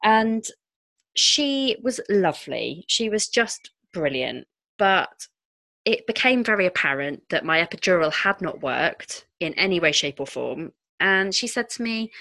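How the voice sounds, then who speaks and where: Woman, thirties, candid storytelling, crisp bright tone, lowish voice, dry close sound. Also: no room sound. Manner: frank, expressive, quick asides. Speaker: podcast guest, entrepreneur.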